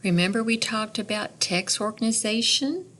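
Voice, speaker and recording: A woman teacher reading a picture book aloud to young children, slow and expressive, pausing to imitate bird calls and ask questions. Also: mid-range voice.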